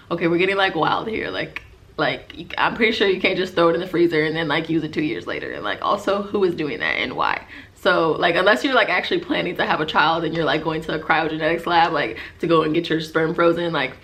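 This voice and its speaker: A woman's voice: fairly low pitch, a bit bright. A young woman vlogger telling a personal story to camera in casual chat, full of "like" fillers and acted-out quotes. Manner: chatty, lots of "like" fillers, acts out quoted lines.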